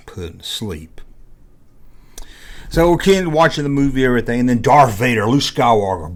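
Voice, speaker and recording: A man's voice: medium pitch, moderate pace. A man hosting his own video, telling a story casually and acting out scenes with sound effects. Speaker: vlog host.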